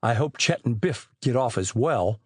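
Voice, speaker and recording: A man's voice: medium pitch, animated, normal speed, breathy edge, no echo, studio quality. A man reading aloud, voicing a confident teenage boy detective in an audiobook. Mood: cheerful. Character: eager teenage boy detective, older brother.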